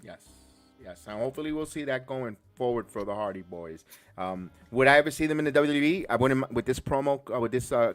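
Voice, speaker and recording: A man hosts a casual podcast recapping wrestling, talking enthusiastically and rambling with lots of restarts and fillers. His voice is a bit bright at an ordinary middle pitch, recorded dry and close with no room sound.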